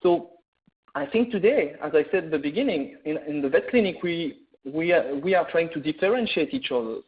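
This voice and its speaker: A man's voice: fairly high pitch, animated, fairly quick. French-accented man on a tinny line. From France. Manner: earnest, many "uh" fillers and restarts. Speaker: veterinarian presenting a webinar. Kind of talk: webinar lecture. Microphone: video call or webinar mic. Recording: tinny phone-like webinar audio.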